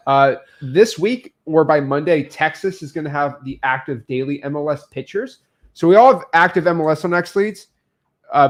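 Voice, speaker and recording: Animated man telling stories, slightly high voice. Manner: animated storyteller, quick shifts in pitch. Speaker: co-host answering viewer questions. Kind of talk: casual business chat.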